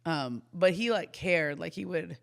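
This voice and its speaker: Woman sports reporter, guest on a podcast, lively anecdote teller with easy laughs. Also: lowish voice, a little slow, vocal fry. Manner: animated storyteller, laughs often. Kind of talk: casual podcast chat.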